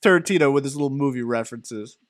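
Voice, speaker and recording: A young man in his twenties co-hosting a podcast, telling rambling, animated stories with fillers and laughs. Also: mid-range voice, fast, no echo, clean studio sound. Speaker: podcast co-host. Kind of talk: casual chat.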